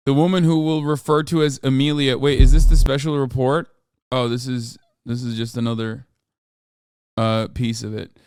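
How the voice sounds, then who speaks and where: A man's voice: medium pitch, little pitch movement, moderate pace, clear, resonant tone, no room sound, studio quality. Heated, profane man reacting to news. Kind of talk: reaction commentary.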